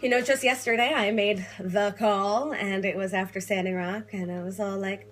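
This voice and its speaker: A young woman talking casually to camera as an activist vlogger, quick and passionate with playful asides. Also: mid-range voice, slight background noise. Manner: fast, animated, playful asides. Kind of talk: casual direct-to-camera vlog. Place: home room, on hold on a phone call.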